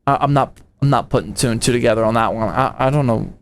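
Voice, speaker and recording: A man's voice: medium pitch, quick pace, a little hiss or hum. A young man from the United States, a PC building streamer, chatting casually with his live chat in a slangy, playful way.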